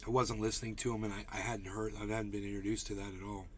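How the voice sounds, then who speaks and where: A man's voice: lowish voice, flat delivery, fast. A man hosting a casual chat about music, rambling with lots of "like" and "bro". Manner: rambling, says "like" and "bro" a lot.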